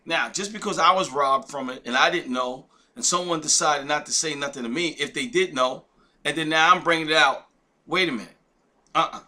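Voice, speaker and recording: A man preaches informally in a bright, forceful voice that sits a little high. He talks emphatically and repeats himself, pressing points with rhetorical questions and offhand asides. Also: brisk. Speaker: religious video teacher.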